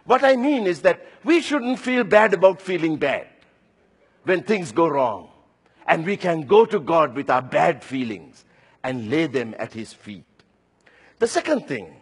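A man's voice: a little high, breathy edge, big-room sound. A man in his sixties preaching a sermon, earnest and personal, telling his own story between scripture quotes. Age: 60s.

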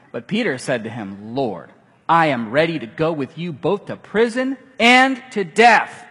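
A man preaching a sermon, animated, acting out the quoted lines with casual asides. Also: on the high side, a little slow, husky. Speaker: pastor. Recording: long hall reverb.

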